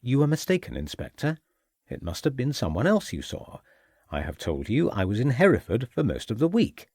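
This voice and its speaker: A man's voice: medium pitch, huge pitch swings, moderate pace, a little mellow, slightly rough, no echo, studio quality, heavily acted. A man reading an audiobook, voicing a nervous, defensive middle-aged male suspect who protests and evades. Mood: irritated. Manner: agitated, protesting, evasive.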